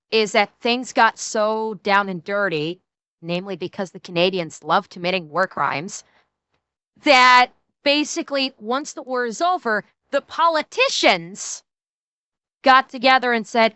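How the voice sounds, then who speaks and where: A woman streamer reacting to a video with animated commentary, swearing freely and laughing often. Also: mid-range voice, smooth, no room sound.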